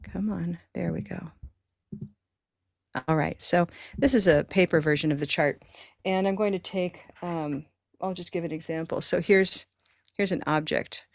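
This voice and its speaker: A woman's voice: fairly low pitch, moderate pace, long pauses, no room sound. A woman leading an online teacher training session, upbeat and encouraging as she demonstrates with objects over a video call. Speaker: workshop presenter.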